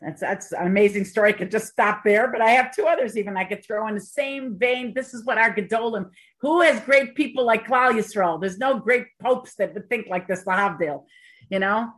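Speaking a little fast at medium pitch, a woman teaching Torah tells stories earnestly. She mixes Hebrew and Yiddish words into her talk along with chatty side comments.

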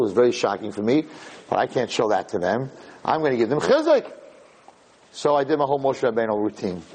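A man giving a sermon as a rabbi, telling a story in a lively way that builds to emphatic points. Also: mid-range voice, poor audio. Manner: animated storytelling, rising to emphatic peaks.

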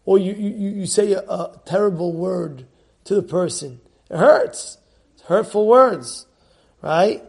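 Animated, gravelly male Torah teacher. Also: sits high, a little slow. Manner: animated, repeats and restarts, Hebrew terms. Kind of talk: Torah class with a story.

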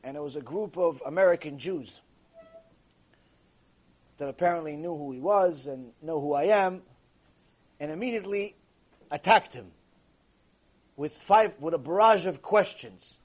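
A man's voice: a little high, unhurried, long pauses. A man giving a Torah ethics lecture as a rabbi, emphatic and argumentative, firing off rhetorical questions.

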